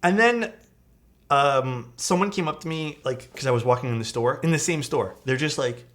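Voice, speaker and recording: Young guy streaming, chill rambling stories, lots of dude and swearing, normal pitch. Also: moderate pace, fairly bright tone. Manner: laid-back storytelling, swears often, says "dude" and "man". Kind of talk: casual stream chat. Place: home streaming setup.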